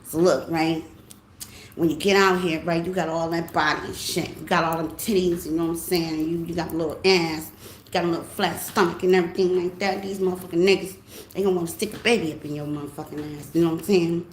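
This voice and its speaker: A woman, a tarot reader ranting casually, animated and profane. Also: on the low side, fast talker. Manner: animated, profane, laughing often. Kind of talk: casual vlog rant. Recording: echoey room with faint hiss.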